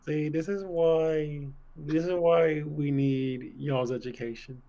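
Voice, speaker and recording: A woman's voice: sits low, steady tone, slow pace, mellow, muffled recording. A woman player in a tabletop game, chatting casually with a teasing drawl.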